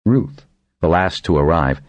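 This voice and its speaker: A low-pitched man reads a fantasy novel aloud, his voice rising and falling with animated expression. The sound is dry and close, with no room around it. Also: a little slow, no echo. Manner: reads with lively, varied intonation and raises his pitch for voiced quotes. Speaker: audiobook narrator. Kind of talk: scripted narration.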